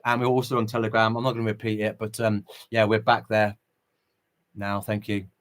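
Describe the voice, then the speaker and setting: A man's voice: fairly low pitch, little pitch movement, brisk, fairly bright tone. A middle-aged man hosting a casual livestream, greeting chat viewers and preaching with passion and short chuckles. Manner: impassioned, preachy, chuckles between remarks. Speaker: livestream host.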